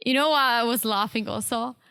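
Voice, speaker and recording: A woman's voice: on the high side, brisk, gravelly, sharp tone, clear, resonant tone, no echo. A woman co-hosting a podcast, chatting casually about a reality show and jumping in with comments. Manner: chatty, laughs, jumps in. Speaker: podcast co-host.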